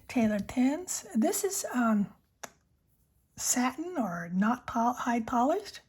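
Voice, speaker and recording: A woman's voice: high voice, sing-song, slow pace. A woman vlogger chatting about her fountain pens, rambling with many fillers and self-corrections, often dropping to a whisper. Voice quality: breathy, frequently whispering. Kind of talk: casual show-and-tell, often whispered.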